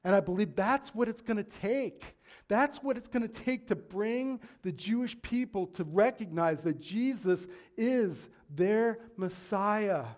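Male pastor, sermon delivery, earnest with emphatic peaks, slightly high-pitched. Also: animated, measured pace, a little mellow. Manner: earnest, rising to emphatic peaks, with asides and paraphrases.

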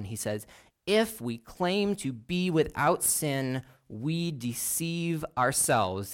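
A man preaching a sermon, earnest and deliberate, slowing down to lean on key words. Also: a little high, fairly bright tone.

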